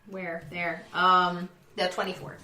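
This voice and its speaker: A woman's voice: on the low side, little pitch movement, slow, bright, forceful tone, echoey room. A woman playing a tabletop game, bubbly and giggling as she rolls dice. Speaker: player. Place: theater stage.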